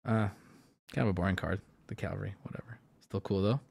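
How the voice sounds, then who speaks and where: A man in his thirties streaming live, talking casually and swearing, breaking into loud outbursts. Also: low-pitched, a little fast, creaky. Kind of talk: live stream pack opening.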